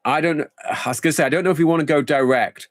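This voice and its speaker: A man's voice: on the high side, fast, dry recording, studio quality. A man streaming a football management game live, thinking aloud in a rambling, casual way.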